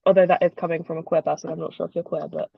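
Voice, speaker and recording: A woman's voice: sits low, flat delivery, racing, creaky, breathy edge, no room sound. British woman host, rambling chat, plenty of ums, dry lo-fi recording. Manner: rambling and chatty, with many ums and laughs. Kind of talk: casual chat on a livestream.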